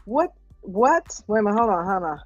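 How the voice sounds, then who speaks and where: A woman's voice: mid-range voice, very animated, a little fast, no room sound, faint music behind. Upbeat woman hosting a live stream. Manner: upbeat, greets viewers by name. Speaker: livestream host. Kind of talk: casual live stream chat. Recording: dull, lo-fi stream audio.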